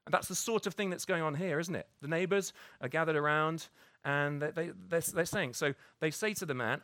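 A man's voice: fairly high pitch, animated, fairly quick, a bit bright, no echo, studio quality. A man preaching a conversational sermon, full of restarts and tag questions like "isn't it?". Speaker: pastor.

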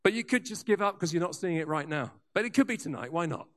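A man preaching a sermon, telling revival stories with lively asides and frequent restarts. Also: on the high side, fast talker. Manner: animated storyteller with asides and restarts. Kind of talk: sermon storytelling.

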